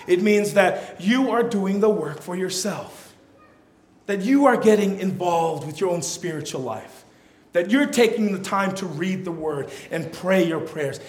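Male preacher, high voice, emphatic builds and soft drops, echoey church room. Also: expressive, a little slow. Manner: rising to loud emphatic peaks, then dropping low and soft. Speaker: pastor. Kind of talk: sermon.

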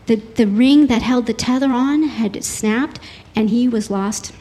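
A woman giving a devotional talk, retelling a dramatic story in an earnest, animated way with frequent restarts, then quoting scripture. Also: on the high side, unhurried. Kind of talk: storytelling sermon.

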